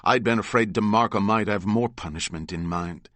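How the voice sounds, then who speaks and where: A man with a low voice reads a novel aloud in the first person. His telling is steady and measured, recorded dry and close. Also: no echo. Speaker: audiobook narrator. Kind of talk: first-person audiobook narration.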